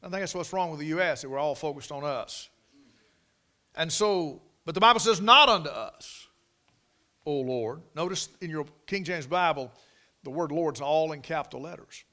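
An American man preaching a King James sermon, emphatic and folksy, repeating phrases and swinging between loud proclaiming and quiet asides. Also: on the high side, moderate pace. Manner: folksy, with stumbles and restarts.

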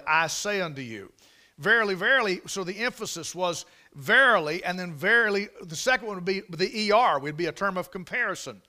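An American man preaching a King James sermon, emphatic and folksy, repeating phrases and swinging between loud proclaiming and quiet asides. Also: high-pitched, lively intonation, moderate pace. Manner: folksy, with stumbles and restarts.

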